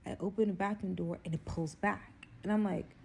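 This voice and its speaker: Young woman, casual storytime vlogger, rambling delivery packed with fillers, mid pitch. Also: moderate pace, vocal fry, slight background noise. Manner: rambling, filler-heavy, animated.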